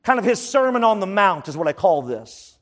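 High-voiced preaching man. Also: sing-song, a little fast, fairly bright tone. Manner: preacherly, emphatic, asks the congregation questions. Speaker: pastor. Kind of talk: sermon.

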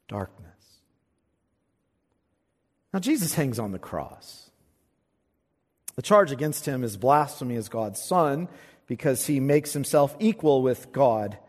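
A man preaching an expository sermon, swinging from quiet, low asides to loud, fervent recitation of scripture. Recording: long hall reverb.

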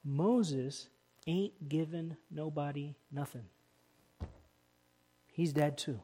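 Man, pastor delivering a church sermon; emphatic, slightly higher voice. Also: slow pace. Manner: emphatic, rising to loud stresses.

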